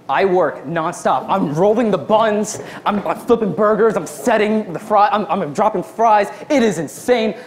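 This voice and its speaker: A young man performing a stand-up comedy routine, telling a long workplace story and acting out the people in it. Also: sits high. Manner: storytelling, acts out quotes in his own voice.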